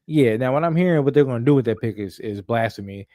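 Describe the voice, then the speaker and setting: Animated, profane man, dry sound. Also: mid-range voice, fast talker, no echo. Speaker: podcast co-host. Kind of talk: casual sports talk.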